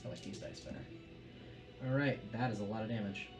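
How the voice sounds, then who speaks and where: A man as game master, calmly calling out attack rolls and damage numbers and describing the blows. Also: on the low side, fairly quick. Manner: methodical, calls out dice rolls and damage numbers. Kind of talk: running a tabletop game. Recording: roomy, distant mic with music behind. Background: music.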